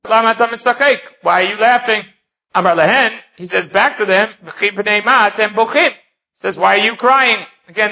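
A man teaches a Talmud lesson, reading the Hebrew and Aramaic text aloud and then explaining it in English. His high voice is creaky, pushed, and bright, on a dull lo-fi recording.

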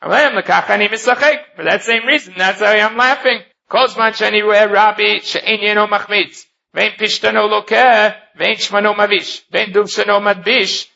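A man teaching Talmud, reading each line of the text and then explaining it in English. His voice sits high and bright, with a gravelly edge. The recording sounds dull and lo-fi. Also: fairly even intonation, moderate pace, hardly any pauses. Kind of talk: Talmud lesson.

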